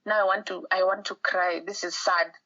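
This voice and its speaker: A woman's voice: on the low side, steady tone, moderate pace, pushed and bright. A woman with a Kenyan accent, a podcast guest telling a story in casual chat over a phone call. She acts out the people she quotes and drops Swahili words into her talk. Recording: muffled phone-call audio.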